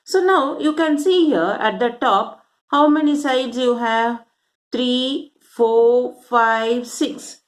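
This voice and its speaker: A woman's voice: fairly high pitch, takes it slowly. A woman teaching a maths lesson, explaining step by step and asking questions as she goes. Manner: explains step by step, counts aloud, asks rhetorical questions. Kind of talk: classroom lesson.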